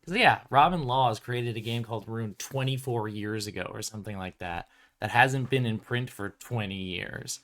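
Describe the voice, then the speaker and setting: A man's voice: fairly low pitch, moderate pace, a bit bright. A man who publishes tabletop games, talking casually on his stream in a rambling way, full of "um" and "like" and laughing between thoughts. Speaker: tabletop game publisher and show host. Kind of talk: casual livestream chat.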